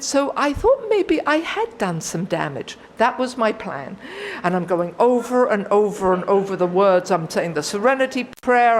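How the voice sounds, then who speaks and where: Older woman telling a lively personal story. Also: mid-range voice, a little hiss or hum. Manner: animated storytelling, acts out her own past thoughts. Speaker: recovery meeting speaker. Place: meeting hall.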